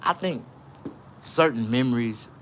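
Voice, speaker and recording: A man telling stories in a casual livestream, loud, profane and boisterous. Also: medium pitch, animated, measured pace, slight background noise. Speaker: vlogger.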